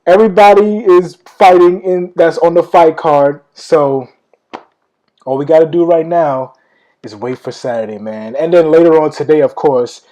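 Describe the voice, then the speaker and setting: A young man hosts his podcast in a loose, rambling way, full of ums and uhs and asides to his listeners. His voice sits a little higher than most men's. He talks in a relaxed, offhand chat. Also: moderate pace, rough recording. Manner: loose, rambling, filler-heavy, addresses listeners as y'all. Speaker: podcast host. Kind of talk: casual podcast talk.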